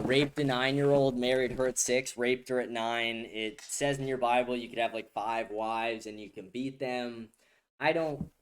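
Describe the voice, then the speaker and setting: A man's voice: mid-range voice, clear, resonant tone. A young man hosting a livestream podcast, reading chat comments aloud in a blunt, profane, casual way and laughing often. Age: young adult.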